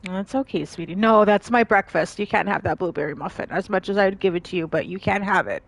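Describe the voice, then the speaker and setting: A woman's voice: medium pitch, fairly quick, creaky, few pauses, no echo. A woman streaming a mystery game, chatting casually and cooing at her big dog. She is slightly sick. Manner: chatty, easily distracted, talks fondly to her dog. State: slightly sick, throat-clearing. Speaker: gaming streamer. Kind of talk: casual gameplay commentary.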